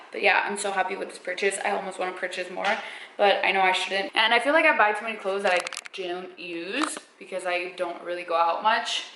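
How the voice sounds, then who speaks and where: Chatty bright-voiced young woman vlogger. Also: mid-range voice, brisk, echoey room, slight background noise, poor audio. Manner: chatty, filler-heavy, upbeat. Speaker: fashion vlogger. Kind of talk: casual try-on haul talk. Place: room at home. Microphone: camera mic.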